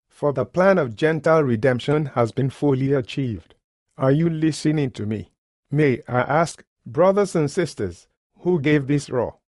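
A man delivering a sermon in a steady, emphatic preaching voice. He reads scripture aloud and presses each point home. The sound is dry and close, with little room around it. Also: a little high, no room sound.

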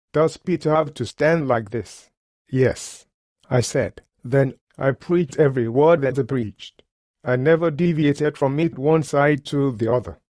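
Guy preaching a story, folksy plain talk, middle pitch, dead dry sound. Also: a little mellow, dry recording. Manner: folksy, nonstandard grammar. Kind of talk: sermon storytelling.

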